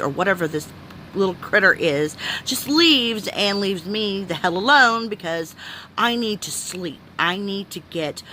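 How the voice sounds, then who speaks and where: A woman's voice: fairly low pitch, sharp tone, slight background noise. A woman telling a story in a rambling, chatty way, full of "you know" fillers, sounding weary and exasperated. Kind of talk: casual story time.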